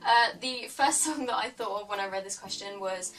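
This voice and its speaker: A woman's voice: medium pitch, normal speed, a bit bright, far from the mic, soft background music. A young English woman chatting casually to camera as a beauty vlogger, filling her talk with "like" and "um" and poking fun at her own answers. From England. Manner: chatty, lots of "like" and "um", self-deprecating.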